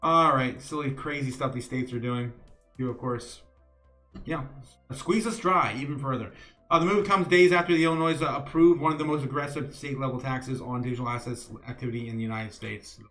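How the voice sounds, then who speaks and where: A man's voice: medium pitch, fairly quick, fairly bright tone, faint music behind. A male host giving loose, chatty market-news commentary on a live stream, reading from chat with many fillers and chuckling asides. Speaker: crypto show host.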